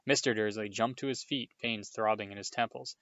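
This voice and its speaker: A man reading a chapter book aloud to a listener, relaxed with informal asides. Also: fairly low pitch, a little fast, no room sound, dull audio. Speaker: reader.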